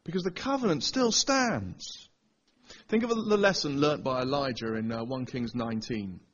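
A man's voice: medium pitch, normal speed, a bit bright, dull audio, slight background noise. A man preaching a Bible teaching sermon, pressing his listeners with rhetorical questions. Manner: asks the audience rhetorical questions.

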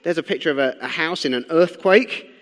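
A young man preaching a sermon in a conversational, animated way, asking the listeners questions as he explains and tells stories. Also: fairly high pitch, fairly quick. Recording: long hall reverb.

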